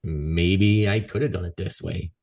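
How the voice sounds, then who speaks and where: Low-voiced chill podcast dude, swears casually, agrees with his cohost a lot. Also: fairly even intonation, unhurried, gravelly, darkish tone. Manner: laid-back, profane, backs up his co-host. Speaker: podcast co-host. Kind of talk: casual chat.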